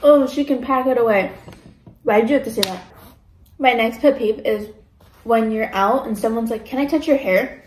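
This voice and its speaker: A woman's voice: on the high side, fairly even intonation, moderate pace, long pauses, a little mellow, roomy sound, slight background noise, poor audio. A young woman vlogging casually while eating, ranting about pet peeves with lots of fillers. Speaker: mukbang vlogger.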